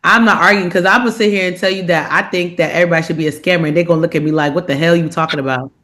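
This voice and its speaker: Lively chatty woman podcast co-host. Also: fairly low pitch, racing. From immigrant family, not from this country. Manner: animated storyteller, loud put-on quotes of her dad. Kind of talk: casual chat.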